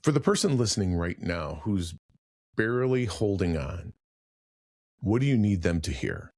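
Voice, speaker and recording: A man's voice: deep voice, big pitch swings, moderate pace, darkish tone. A man hosting a podcast interview, encouraging his guest with short affirmations. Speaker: podcast host. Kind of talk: casual interview.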